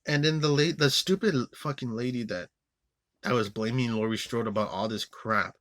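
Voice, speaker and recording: A man's voice: medium pitch, normal speed, a bit bright, no echo, studio quality. A man giving an angry, profane movie review rant, rambling with many restarts and fillers. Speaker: film reviewer.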